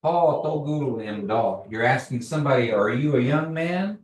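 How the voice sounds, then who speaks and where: A man teaching a language class, patiently repeating words slowly for learners. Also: mid-range voice, animated, a little mellow. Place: classroom, echoey room. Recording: echoey room, distant mic.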